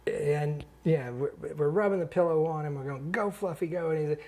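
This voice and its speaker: A man, a stand-up comedian, telling a long anecdote in casual chat, animated and laughing between lines, with many fillers. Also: fairly high pitch, normal speed.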